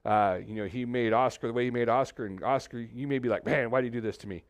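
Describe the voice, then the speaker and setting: A man preaching a conversational sermon as pastor, animated, acting out quoted voices, with many restarts. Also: medium pitch, fast talker, no room sound. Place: church suite, indoors.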